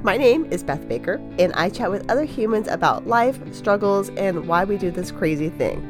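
A woman hosting a podcast and interviewing a guest, upbeat and expressive, a running coach by trade. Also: medium pitch, normal speed, over music.

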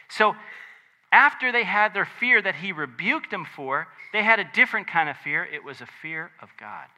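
A man preaching a conversational sermon, animated and chatty, with joking asides. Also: high-pitched, normal speed. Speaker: pastor.

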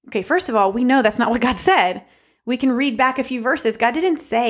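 A woman with a fairly high voice delivers a sermon. She talks earnestly and conversationally, turning to her listeners as friends and reading Scripture aloud along the way. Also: animated, normal speed. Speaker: speaker of a devotional talk.

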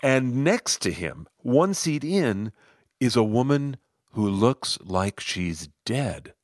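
A middle-aged man telling a personal story in an animated way, acting out the lines of other people. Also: mid-range voice, slow pace, dry recording, studio quality. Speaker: host, storyteller. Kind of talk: personal story told to listeners.

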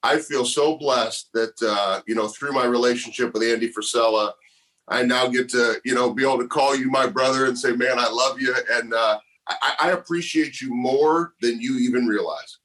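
A man's voice: mid-range voice, normal speed, a bit bright, poor audio. Earnest, grateful male podcast host. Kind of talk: casual interview chat.

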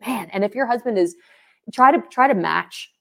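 A woman's voice: a little high, normal speed, vocal fry. A woman co-hosting a marriage podcast, talking casually and acting out example phrases. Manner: animated, acts out example phrases. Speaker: podcast co-host, marriage coach.

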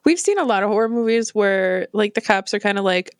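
A woman's voice: mid-range voice, expressive, fairly quick, dry recording, clean studio sound. A woman co-hosting a podcast, chatting about a movie with wry, sarcastic asides. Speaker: podcast co-host. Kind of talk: casual movie recap chat.

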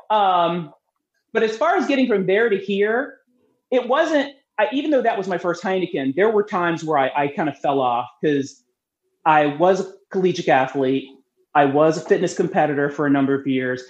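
A woman guest telling lively personal stories in a casual interview, talking freely and laughing often. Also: lowish voice. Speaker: podcast guest, beer promoter. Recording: roomy, slightly muffled.

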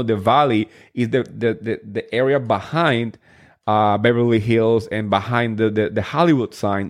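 A man in his thirties hosting a casual recap podcast, chatting in a gossipy way and firing off rhetorical questions. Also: fairly low pitch. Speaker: podcast host. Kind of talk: casual reality-TV recap chat.

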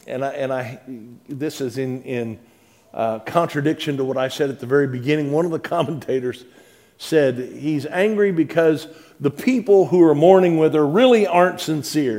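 Male pastor, sermon delivery, slightly raised pitch, conversational with soft-to-emphatic swings.

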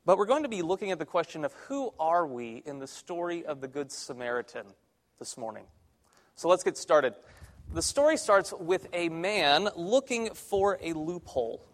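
A young man, a church intern, preaching a conversational sermon with self-deprecating humor in a church sanctuary. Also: sits high. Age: young adult.

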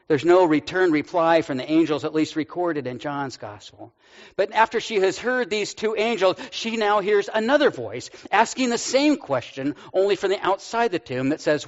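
Older male pastor, sixties, relaxed storytelling sermon with gentle humor; slightly high voice, dull audio in a long-reverb church hall. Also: normal speed. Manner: storytelling, conversational with light humor.

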